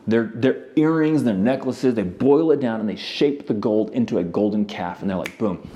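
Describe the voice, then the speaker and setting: A man's voice: on the low side, expressive, moderate pace, dark tone, dull audio. A male pastor preaching in a conversational, storytelling way, with frequent asides to the congregation. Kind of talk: sermon.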